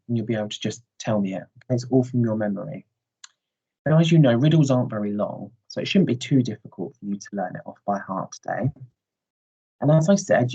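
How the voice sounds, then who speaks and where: A male primary teacher with an English accent talks young children through a recorded lesson at home. His voice is mellow and a little husky, and he checks in often with a gentle "okay?". The recording sounds dull and lo-fi. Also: mid-range voice. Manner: patient, explaining step by step, frequent "okay?" checks.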